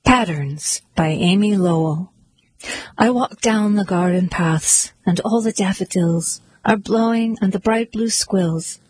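A woman's voice: mid-range voice, slow pace, slightly rough, poor audio. Woman reciting poems with flair. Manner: expressive, rhythmic verse reading. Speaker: poetry reader. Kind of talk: dramatic poetry recitation.

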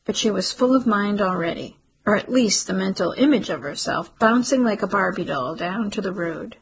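A woman narrating a novel in steady, measured scripted narration. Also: medium pitch, gravelly, husky, low-quality recording. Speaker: audiobook narrator.

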